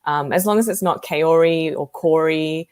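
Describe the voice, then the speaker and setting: An easygoing woman talks as a guest over a video call. Her voice sits a little low. She laughs often as she tells her stories. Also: normal speed, a little mellow, smooth. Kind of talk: casual video-call chat.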